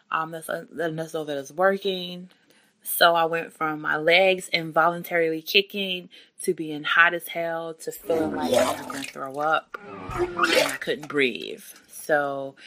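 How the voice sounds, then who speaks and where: A woman's voice: sits low, fairly bright tone. A young woman casually telling her birth story, chatty and rambling, with many fillers and restarts.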